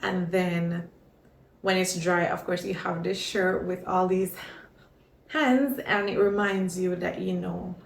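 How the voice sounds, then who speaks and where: A woman talks in a casual vlog, her voice carrying a gravelly edge. She tells her stories in an expressive, chatty way. The recording has an echoey room sound with a faint hiss behind her. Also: on the low side, slow. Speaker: vlogger. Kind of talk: casual pregnancy vlog chat.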